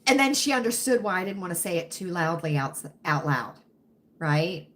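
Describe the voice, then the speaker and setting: A woman hosting a casual livestream chat with her viewers, who keeps asking "right?" and now and then drops into a hushed whisper. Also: lowish voice, big pitch swings, moderate pace. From United States. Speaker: livestream host.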